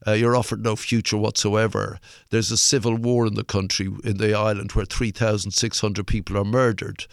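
A man's voice: fairly low pitch, flat delivery, moderate pace, gravelly, dry recording, studio quality. An older Irish man, a musician guest, telling a long anecdote in a rambling way, full of fillers and the odd swear word. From Ireland. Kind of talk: anecdotal interview storytelling.

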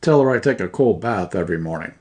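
A man's voice: deep voice, lively intonation, quick pace, a little mellow. A man voicing an irritable thirty-eight-year-old traveller who talks tersely and with exasperation. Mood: grumbling.

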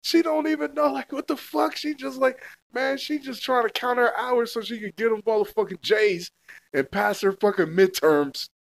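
A young man with a high voice rants casually, swearing often and circling back to the same points. The sound is dry and close, with no room around it. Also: normal speed, creaky, no echo. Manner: heated, repetitive, heavy slang and swearing. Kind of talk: casual profane rant to camera.

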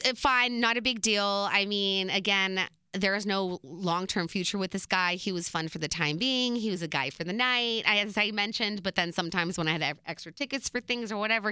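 A woman's voice: mid-range voice, bright, forceful tone, smooth, no room sound, studio quality. A young woman telling a personal story in a candid, emotional way, with many "like" fillers. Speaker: vlogger. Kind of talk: storytime monologue.

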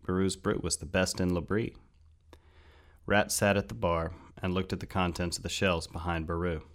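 Brief: male audiobook narrator, very deep voice, measured reading. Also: little pitch movement. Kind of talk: scripted narration.

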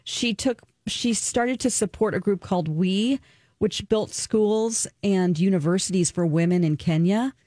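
A woman's voice: mid-range voice, measured pace, warm tone, no room sound. A woman co-hosting a talk radio show, chatting earnestly and openly, talking about her own experience, recorded on a studio microphone. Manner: earnest, emotional and open, sharing personal experience. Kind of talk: casual talk-radio chat, reviewing a documentary.

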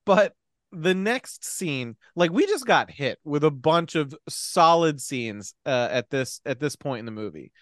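A young man with a slightly high, somewhat bright voice co-hosts a podcast, casually recapping a film's plot. He animatedly acts out the characters' lines, swearing and laughing along the way. The studio-quality audio has no room sound.

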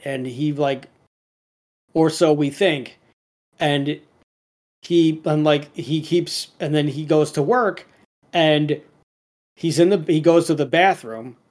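A man's voice: a little high, darkish tone. A man in casual podcast chat, rambling through a cartoon episode with lots of fillers and restarts.

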